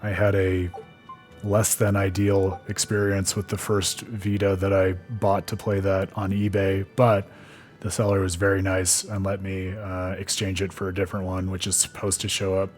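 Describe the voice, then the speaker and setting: A man's voice: sits low, level tone, moderate pace, a little mellow, faint music behind. Chatty man hosting an analytical stream. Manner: chatty, analytical, with frequent fillers. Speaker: streamer and host. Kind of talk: casual stream commentary.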